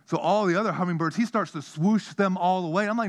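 Male pastor, higher-pitched voice, lively sermon delivery that swings between hushed and loud. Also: a little fast, few pauses.

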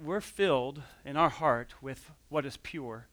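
A man's voice: mid-range voice, measured pace, a bit bright, no room sound. A man giving a conversational sermon as a pastor, telling a personal story with frequent restarts and quoted dialogue.

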